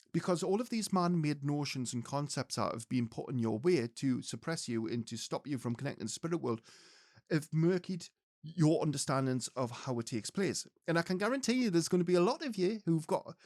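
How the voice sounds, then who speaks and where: A man's voice: high voice, darkish tone, no room sound, clean studio sound. A man teaching mediumship, speaking earnestly and directly to his listeners. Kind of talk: spiritual teaching talk to viewers.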